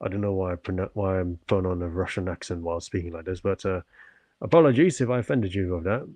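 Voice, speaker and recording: On his livestream following a stretching session, a British man talks fast in a deep, darkish voice with no echo. He's earnest and courteous with viewers, frequently grateful, and chats while stretching and exercising.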